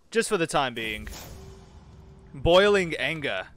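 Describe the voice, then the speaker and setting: A man casually commenting on a strategy game and reading its event texts aloud, muttering quick reactions as he plays. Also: mid-range voice, lively intonation, bright, forceful tone. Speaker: gaming channel host.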